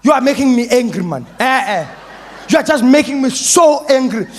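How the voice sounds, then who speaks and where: Loud, high-pitched angry protester, demanding and worked up, voiced by a man. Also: lively intonation, normal speed. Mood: indignant. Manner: shouting, demanding. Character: indignant male protester demanding rights.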